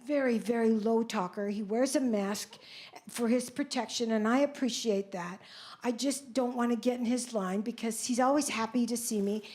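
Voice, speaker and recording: Speaking at a normal speed in a slightly high, darkish voice, a woman in her seventies does live stand-up at a comedy club. Her storytelling is brash and self-mocking, full of big exclamations, and the stage mic also catches the audience and their laughter.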